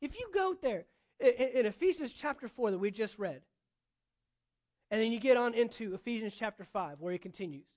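High-voiced preacher, emphatic and repetitive. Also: male voice, expressive, brisk, a little mellow. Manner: emphatic, repeating phrases for effect. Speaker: pastor. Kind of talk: sermon.

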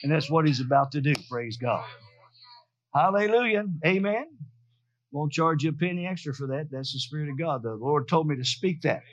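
Male pastor, high voice, fervent call-and-response sermon, slightly dull sound. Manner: preaching with rising fervor and call-and-response.

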